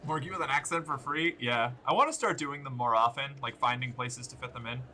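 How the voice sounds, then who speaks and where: Bright, joking male game streamer. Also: mid-range voice, brisk, a little hiss or hum. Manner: joking, profane, reacts loudly to the game. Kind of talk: casual gaming commentary.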